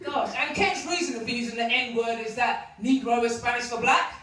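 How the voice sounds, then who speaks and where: Lady doing stand-up, high voice, brash and mocking, roomy club echo heard from far back. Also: normal speed, a bit bright. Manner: brash, mocking, punchy delivery. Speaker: stand-up comedian. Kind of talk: stand-up comedy set. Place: comedy club. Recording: echoey club recorded from far off. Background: audience laughter.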